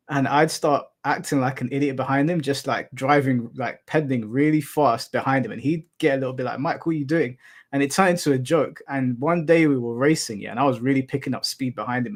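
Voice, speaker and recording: A young man hosts a live stream in a loose, rambling way, with an average pitch. He drifts from story to story with casual swearing along the way. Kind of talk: casual chat with viewers.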